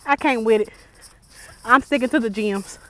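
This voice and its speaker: A woman's voice: on the high side, moderate pace, sharp tone. Chatty young woman vlogger. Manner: chatty, playful, exclaims to viewers. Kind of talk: casual vlog chat.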